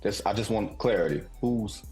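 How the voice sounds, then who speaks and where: A man from Detroit co-hosting a sports talk show, measured and deliberate in debate. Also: lowish voice, mellow, soft background music. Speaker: co-host.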